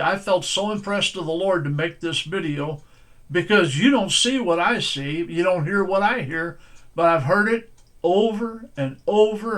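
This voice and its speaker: Man, pastor, high-pitched, bright tense tone, earnest folksy sermon advice, repeats himself for emphasis. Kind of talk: direct-to-camera sermon-style advice.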